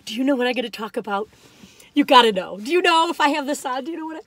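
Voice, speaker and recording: A woman in her sixties who reviews cookies on her vlog chats casually in a high-pitched, quick voice on a very noisy recording. Exuberant and rambling, she breaks into whoops and laughter while talking straight to her viewers.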